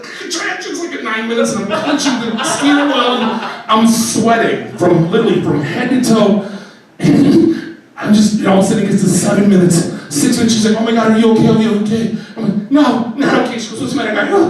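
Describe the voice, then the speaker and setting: A man telling a funny story on stage, animated and often laughing, acting out his own panic. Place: live venue with audience. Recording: booming echoey hall from far off with audience.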